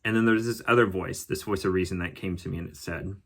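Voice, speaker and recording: Man, lowish voice, bright edge, calm reflective storyteller, podcast host. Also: fast talker, few pauses. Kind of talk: personal storytelling.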